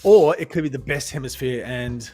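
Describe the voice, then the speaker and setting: A man's voice: medium pitch, moderate pace, mellow, breathy edge, faint music behind. An Australian man co-hosting an esports race stream, telling a rambling story in casual chat.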